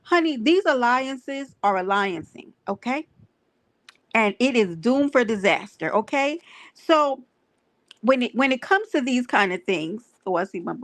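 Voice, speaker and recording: A woman hosting a livestream, greeting her chat and ranting in an animated, profane, emphatic way. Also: sits high, no echo. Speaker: livestream host. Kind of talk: livestream rant and viewer chat.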